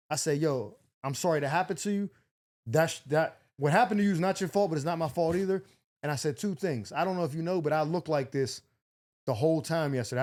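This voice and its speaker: A young podcast host tells a wild story in casual chat, animated throughout and swearing freely. He acts out what other people said, with big jumps in pitch for each quote.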